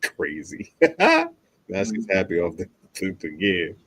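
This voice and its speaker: A man hosting a reaction show, giving animated, slangy advice straight to his male viewers. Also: low voice, measured pace, husky. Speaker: host reacting to a clip. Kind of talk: commentary to camera.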